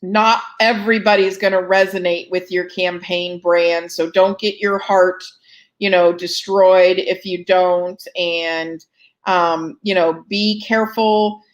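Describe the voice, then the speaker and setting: A woman's voice: fairly low pitch, steady tone, takes it slowly, highs cut off. Chatty woman hosting a live Q&A. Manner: chatty, many ums, self-deprecating asides. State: yawning, short of breath. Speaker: host answering fundraising questions. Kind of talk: live Q&A chat.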